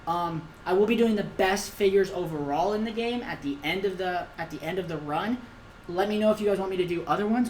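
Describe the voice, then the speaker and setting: A woman's voice: on the low side, a little fast, darkish tone, slight background noise, poor audio. A woman giving casual gameplay commentary as a YouTuber, ranting with lots of repetition and the odd swear. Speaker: gaming YouTuber.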